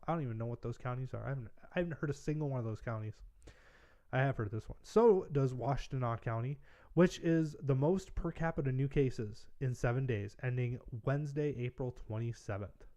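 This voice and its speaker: A man hosts a political livestream in a loose, casual way. He reads news aloud and breaks in with sarcastic, mocking remarks. His voice sits at an ordinary middle pitch. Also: mellow, highs cut off. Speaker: political podcast host.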